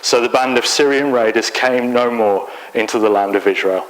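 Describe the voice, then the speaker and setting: A man's voice: mid-range voice, moderate pace, fairly bright tone, low-quality recording. A man with an English accent preaching a sermon in church, telling a Bible story conversationally with light humor.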